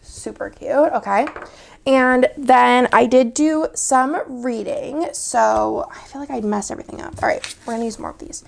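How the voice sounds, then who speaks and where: A young woman from Texas chatting casually as she decorates her planner, rambling with many fillers and restarts, and sometimes dropping to a soft murmur while she works. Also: fairly high pitch, moderate pace, vocal fry, slight background noise. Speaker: planner vlogger.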